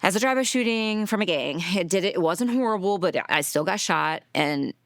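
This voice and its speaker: A middle-aged woman, a grieving mother, telling her story in a documentary interview, earnest and emotional, sometimes dropping to a soft near-whisper. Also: mid-range voice, lively intonation, fairly quick, no room sound, studio quality.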